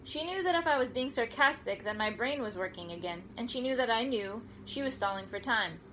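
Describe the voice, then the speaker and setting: A woman's voice: a little high, expressive, a little fast, background noise. Woman reading a story, wry and conversational. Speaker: audiobook narrator. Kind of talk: first-person story reading.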